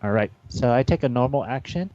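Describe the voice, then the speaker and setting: A man's voice: medium pitch, animated, brisk, a little mellow, dry recording, dull audio, faint music behind. A man playing an online tabletop game who asks careful tactical questions about the map. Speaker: player.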